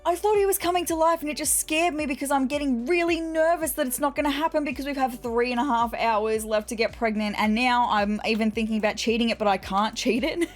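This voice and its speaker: A woman with a fairly high voice chats her way through a video game, talking directly to her viewers. She is openly emotional and sometimes sounds close to tears. Soft music plays faintly behind her. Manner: chatty, addresses viewers directly, emotional, near tears at times. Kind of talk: casual gameplay commentary.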